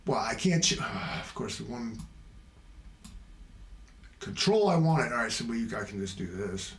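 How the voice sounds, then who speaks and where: A man's voice: mid-range voice, very animated, a little slow, creaky, echoey room. A man hosting a casual livestream, rambling from topic to topic in a jokey, self-mocking way. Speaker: livestream host.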